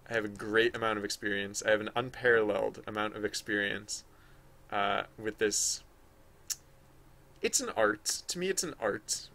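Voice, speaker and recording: This man's voice sits lowish and comes out pushed and bright. He's a digital artist live-streaming as he draws, chatting casually and rambling in a self-mocking way, full of fillers and frequent laughter.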